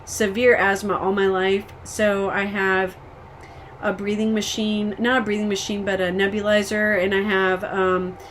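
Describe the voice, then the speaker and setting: A woman's voice: mid-range voice, flat delivery, unhurried, fairly bright tone, a little hiss or hum. Frustrated woman vlogger venting candidly. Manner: rambling and venting, frequent ums and restarts. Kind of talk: casual personal update.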